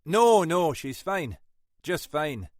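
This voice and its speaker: Guy reading a scottish detective inspector, slow and dry, pointed questions, pretty lively pitch. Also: no room sound. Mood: polite, coaxing. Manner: dry, probing, quietly commanding. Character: shrewd older male Scottish detective inspector.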